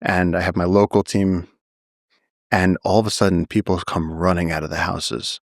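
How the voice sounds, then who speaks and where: In a low voice with little pitch movement, the naturalist brings a story to life on a long-form podcast interview, acting out what people said. He speaks at a normal speed, and the studio-quality recording has no room sound.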